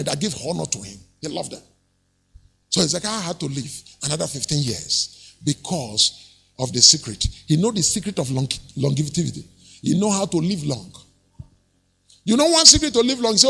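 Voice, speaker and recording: A male pastor preaching a sermon, rising to shouted peaks and dropping low again. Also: vocal fry, slightly rough, long reverb tail. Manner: preaching with shouted peaks and sudden drops to near-whisper.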